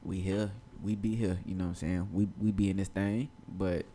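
A man's voice: deep voice, level tone, normal speed, dark tone, a little hiss or hum. Laid-back man hosting a podcast. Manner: laid-back, loose, swears freely, leans on "you know what I'm saying". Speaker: podcast host. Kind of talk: casual podcast chat.

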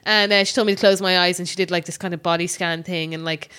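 A woman's voice: on the low side, steady tone, fast talker, a bit bright, clean tone. Candid Irish woman telling a story. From Ireland. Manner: candid, storytelling, swears casually. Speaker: podcast co-host. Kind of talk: casual chat.

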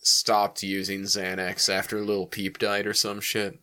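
A man co-hosting a laid-back podcast, with a bright, forward tone. He drops dry, wisecracking remarks into the conversation. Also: on the low side, monotone, measured pace. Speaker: podcast co-host. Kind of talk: casual podcast chat.

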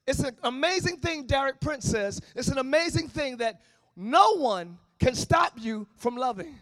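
A man preaching a sermon as pastor, often shouting. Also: extremely high pitch, expressive, normal speed, no echo, studio quality. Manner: shouting, sing-song preaching with call-and-response. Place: church service, before a congregation.

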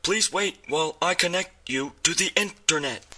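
A man voicing an automated phone system that speaks flatly and mechanically. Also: on the high side, normal speed, very noisy, close to an everyday voice. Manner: flat, robotic. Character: glitchy automated phone voice, male.

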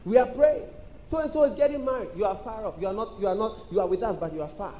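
A man preaching a sermon in a church hall, emphatic and repetitive, calling for responses and acting out shouted quotes. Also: sits high, fast. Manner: acts out quoted voices and shouts. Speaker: pastor. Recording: echoey church hall with faint background noise.

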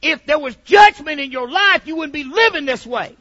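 A man preaching a fiery sermon, swinging from shouted lines to low, mocking asides. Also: animated, normal speed. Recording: dull lo-fi recording.

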